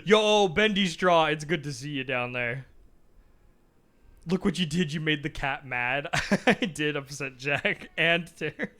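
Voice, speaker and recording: Excitable high-voiced male streamer. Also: unhurried. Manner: excitable, pleading, laughs a lot, reads game text aloud. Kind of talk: live-streamed game play with narration.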